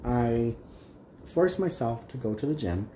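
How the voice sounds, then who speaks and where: A man's voice: medium pitch, lively intonation, unhurried, dark tone. Rambling man in an echoey room. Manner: rambling and candid, with many ums and restarts. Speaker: craft channel host. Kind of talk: casual chat while crafting. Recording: roomy echo, faint background noise.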